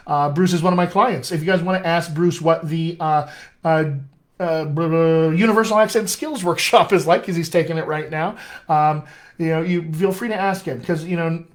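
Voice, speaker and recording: Upbeat male dialect coach, slightly high. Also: fairly even intonation, moderate pace. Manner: upbeat, chatty, reads viewer questions aloud. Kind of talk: live-stream Q&A.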